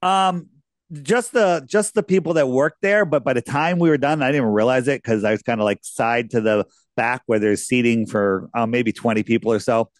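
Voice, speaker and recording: Guy rambling thru stories on a talk show, mid pitch, dry close sound. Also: moderate pace, no echo. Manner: rambling, animated anecdotes with restarts. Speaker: guest. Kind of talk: casual storytelling interview.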